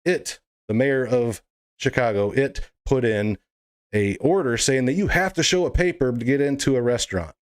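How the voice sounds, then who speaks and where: A man's voice: medium pitch, moderate pace, smooth. A man delivering an impassioned monologue to camera as a political video blogger, fiery, emphatic and indignant.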